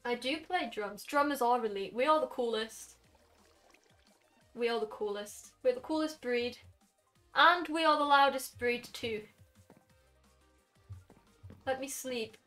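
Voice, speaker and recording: A woman's voice: fairly high pitch, a bit bright. Chatty Welsh teen girl streamer. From Wales. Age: late teens. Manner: chatty, reacting to chat with quick asides. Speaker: game streamer. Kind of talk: casual live-stream chat while gaming. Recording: somewhat distant mic with faint music.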